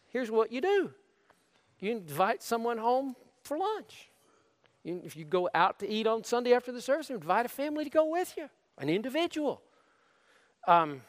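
A man preaching a sermon as pastor, earnest and conversational, with frequent restarts. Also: very high-pitched. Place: church sanctuary. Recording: long hall reverb.

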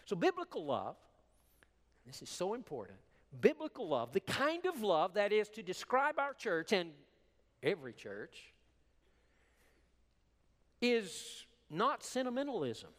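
A man preaching a sermon as pastor, emphatic and animated, with repeated words for stress. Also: high voice, measured pace, pauses often. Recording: long hall reverb.

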